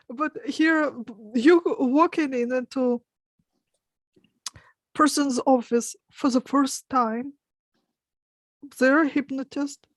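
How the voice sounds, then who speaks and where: A woman's voice: sits high, fairly even intonation, takes it slowly, pauses often, dry recording. A woman with a Russian accent, a hypnotist talking in a casual panel chat, earnest and friendly with frequent laughs.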